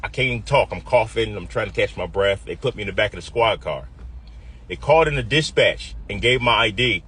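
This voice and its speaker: A man's voice: lowish voice, expressive, fairly quick, bright, forceful tone, breathy edge. A man in his fifties from the US Midwest, telling a personal story vividly and acting out the quoted voices.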